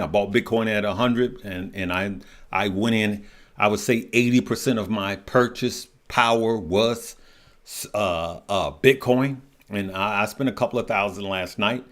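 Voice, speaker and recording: A man hosting a live stock and crypto trading stream, chatting casually, laughing often and greeting viewers by name. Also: on the low side. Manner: thinks aloud, trails off while checking charts.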